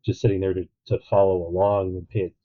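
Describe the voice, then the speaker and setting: A man co-hosting a podcast, chatting casually about a film, animated and acting out quotes with a laugh. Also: low voice, fairly quick. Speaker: podcast co-host. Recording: tinny phone-like line.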